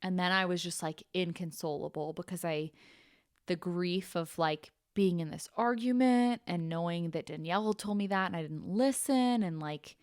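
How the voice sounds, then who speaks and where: A woman's voice: fairly low pitch, normal speed, dry recording, clean studio sound. A young adult woman hosting a podcast, telling a personal story frankly and bluntly, swearing casually and saying "like" often. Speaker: podcast host.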